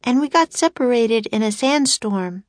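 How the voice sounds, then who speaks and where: A woman's voice: a little high, expressive, moderate pace, no room sound, studio quality, pitched above the performer's own voice, close to an everyday voice. A woman reading aloud and voicing an eager young girl in a children's adventure story. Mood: earnest. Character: eager, bright young girl, quick to speak.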